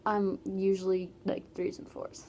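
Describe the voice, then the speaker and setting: A woman's voice: mid-range voice, little pitch movement, measured pace, mellow, a little hiss or hum. A teenage girl from Canada, chatting casually in a Q&A vlog with many "like"s and trailing asides. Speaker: vlogger.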